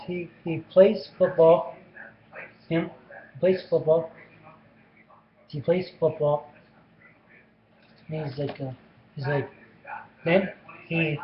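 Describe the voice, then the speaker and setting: Man, fairly high voice, rambling casual movie recap full of restarts; muffled lo-fi recording. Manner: rambling, many restarts and repeated phrases. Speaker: movie reviewer.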